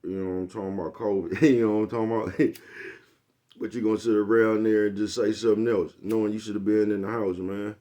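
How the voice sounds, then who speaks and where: A man's voice: fairly low pitch, little pitch movement, fast, warm tone. A man talking straight to his viewers in a casual, rambling, profane monologue, often asking whether they follow him. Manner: rambling, profane, keeps asking "you know what I'm talking about". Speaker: vlogger.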